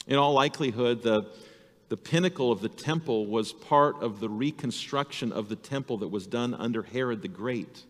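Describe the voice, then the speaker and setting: A man's voice: medium pitch, normal speed. Earnest male pastor in a reverberant hall. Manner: earnest preaching that acts out quoted voices. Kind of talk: sermon.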